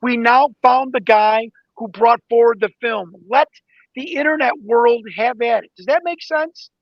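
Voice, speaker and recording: Male guest investigator with a very high voice, a lively storyteller, dry and slightly muffled sound. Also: a little slow, dry recording. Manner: excited storyteller, acts out quoted exchanges. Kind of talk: animated interview talk.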